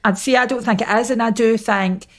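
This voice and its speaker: A woman's voice: on the high side, fairly even intonation, fairly quick. A Scottish woman co-hosting a podcast, speaking frankly and bluntly in casual chat. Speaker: podcast co-host.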